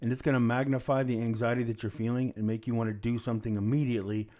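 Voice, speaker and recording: A middle-aged man talks straight to his listeners as a relationship coach. His voice sits in a middle pitch. He speaks earnestly and hammers home his points by repeating short phrases. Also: level tone, fast, dark tone. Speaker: breakup coach. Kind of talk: direct-to-camera advice talk.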